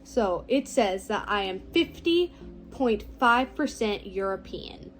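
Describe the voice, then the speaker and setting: A teenage girl talking casually to the camera, slow and reflective, her phrases often trailing off softly. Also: medium pitch, lively intonation, soft background music, poor audio. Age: teens. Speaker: vlogger. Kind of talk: casual personal talk to camera.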